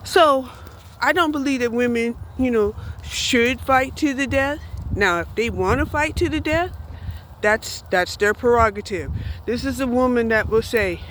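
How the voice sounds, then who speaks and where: A woman's voice: on the high side, a little slow, fairly bright tone, slight background noise, poor audio. A woman in her sixties speaking bluntly in a candid personal monologue, often checking in with "right?" and "you know". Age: 60s. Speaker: vlogger.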